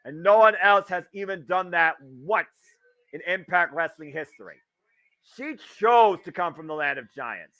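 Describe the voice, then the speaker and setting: A man's voice: high-pitched, animated, normal speed, a bit bright. A man from the Midwest of the US, hosting a casual live wrestling watch-along with wisecracking, swearing commentary. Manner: chatty, wisecracking, swears freely.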